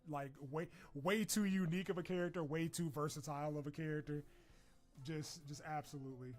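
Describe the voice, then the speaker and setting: A man's voice: fairly high pitch, fairly even intonation, a little fast. Joking, foul-mouthed male streamer. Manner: loose, profane and jokey, with bursts of laughter. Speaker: streamer reacting to a character wishlist. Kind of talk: casual stream chat. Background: video game music playing.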